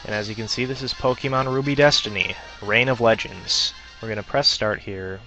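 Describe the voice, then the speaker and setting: A man's voice: lowish voice, fairly even intonation, a little fast, bright, forceful tone, muffled recording, soft background music. A man giving casual gameplay commentary, hesitant with lots of ums and self-corrections. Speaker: let's player.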